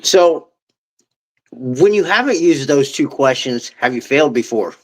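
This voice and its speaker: A man's voice: mid-range voice, expressive, unhurried, rough recording. A man hosting an interview, asking short questions to prompt his guest. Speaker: podcast host.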